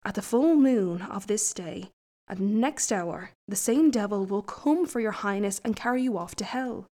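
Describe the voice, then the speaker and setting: A woman's voice: medium pitch, lively intonation, moderate pace, dark tone, natural voice. A woman doing a solemn court astrologer.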